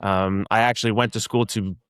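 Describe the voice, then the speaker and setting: Young man, low smooth voice, rambling casual chat, dry close mic. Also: steady tone, fairly quick, fairly bright tone, dry recording. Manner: rambling, many restarts and fillers. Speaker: podcast guest.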